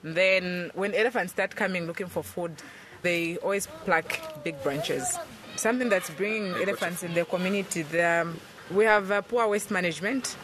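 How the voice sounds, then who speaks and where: A woman's voice: on the low side, normal speed, background noise. A woman, a volunteer program coordinator, explaining things in an interview with frequent fillers. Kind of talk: interview answers.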